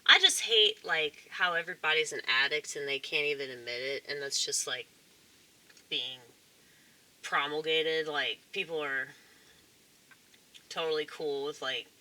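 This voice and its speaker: A woman's voice: deep voice, measured pace, long pauses, pushed and bright, poor audio. A woman with a Southern US accent, talking in a rambling, casual monologue full of fillers and profanity. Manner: meandering, profane, frequent fillers and short laughs. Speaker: vlogger.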